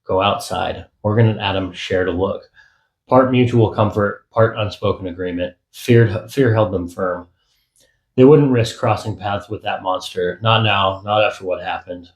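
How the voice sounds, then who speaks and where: A man narrating his own fantasy audiobook in a measured storytelling manner. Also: lowish voice, reverberant, poor audio. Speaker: author and narrator.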